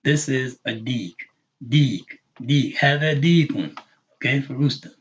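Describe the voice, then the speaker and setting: A man teaching a live online language lesson, patiently repeating words slowly for learners. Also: mid-range voice, husky, lo-fi sound. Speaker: Arabic teacher.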